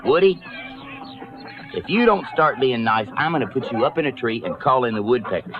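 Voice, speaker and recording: A man's voice: mid-range voice, expressive, brisk, lo-fi sound. A man doing a ventriloquist comedy act, telling puns and laughing at his own jokes.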